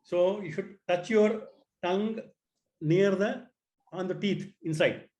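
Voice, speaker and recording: A man teaches an online class, his voice sitting a little high. He restarts phrases often and coaxes his students to repeat the sounds after him. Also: takes it slowly, a little mellow. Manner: repeats words, asks students to try sounds.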